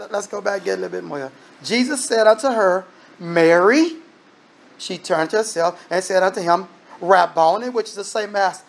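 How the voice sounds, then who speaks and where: A man's voice: high-pitched, vocal fry. Emphatic man preaching. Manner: emphatic, conversational preaching with sudden loud bursts. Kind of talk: sermon.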